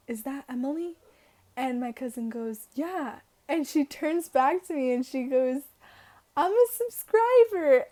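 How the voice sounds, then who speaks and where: A woman's voice: on the high side, a little mellow. A teenage girl chatting casually to camera in a storytime vlog, full of fillers and giggles. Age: teens. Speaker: vlogger. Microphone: camera in her room.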